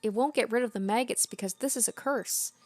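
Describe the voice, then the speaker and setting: A woman's voice: a little high, fairly quick, darkish tone, faint music behind, voice pushed up, close to an everyday voice. A woman reading a cursed teenage girl, feverish. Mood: frantic. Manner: feverish, repetitive apologizing. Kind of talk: reading a visual novel aloud.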